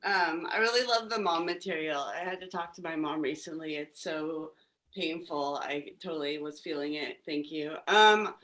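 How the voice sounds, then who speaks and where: A woman's voice: low voice, normal speed, fairly bright tone. A woman comedian chatting casually and gushing over a video call. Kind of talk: casual chat.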